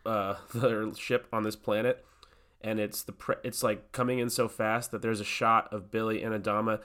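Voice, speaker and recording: A man's voice: lowish voice, flat delivery, moderate pace, fairly bright tone. A man co-hosting a casual podcast. He talks in a wry, blunt way and swears now and then. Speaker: podcast co-host. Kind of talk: casual chat.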